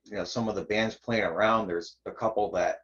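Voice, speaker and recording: A man's voice: fairly low pitch, fairly even intonation, a little fast, fairly bright tone, lo-fi sound. A man from Connecticut, a panel guest in casual chat, hesitant with lots of ums.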